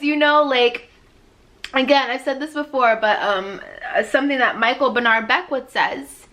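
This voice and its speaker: Woman life coach, high and bright, preaching motivation in a chatty, emphatic way. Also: normal speed. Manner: emphatic and preachy, acting out God's voice with loud high swoops; repetitive, conversational, with frequent "like". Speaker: life coach and podcast host. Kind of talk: motivational spiritual talk.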